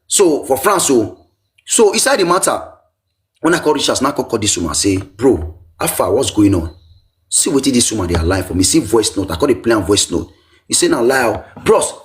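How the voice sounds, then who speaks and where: A man with a Nigerian Pidgin accent, telling his own life story in an emotional, repetitive way. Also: a little hiss or hum. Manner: animated, pitch swinging high and low, repetitive.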